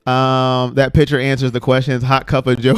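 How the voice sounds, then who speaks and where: A man's voice: medium pitch, monotone, normal speed, clear, resonant tone, no echo, faint music behind. A man hosting a live fan show for a sports team, talking emphatically, repeating his points and reading out viewer comments.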